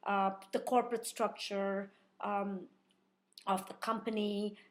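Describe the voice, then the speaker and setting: A woman vlogger telling a personal story in a casual way, animated and laughing, with many ums and you-knows. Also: medium pitch, takes it slowly.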